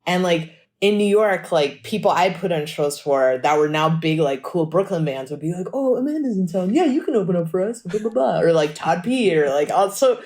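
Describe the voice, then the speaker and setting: A woman musician telling stories in a casual podcast interview, lively and chatty, acting out what people said. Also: on the low side. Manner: animated storytelling, acts out quotes; fast and chatty, frequent "like". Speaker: musician guest.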